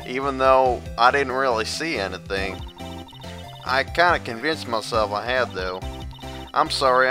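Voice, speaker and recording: A man voicing a brash country woman photographer with a put-on Southern US accent and a loud, folksy drawl. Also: mid-range voice, lightly acted.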